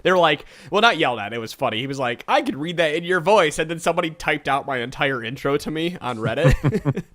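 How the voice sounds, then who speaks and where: A man's voice: fairly high pitch, quick pace. A man hosting a casual podcast, laughing and a bit tipsy as he chats. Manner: animated, laughing, tipsy from wine. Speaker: podcast host. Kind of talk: casual chat.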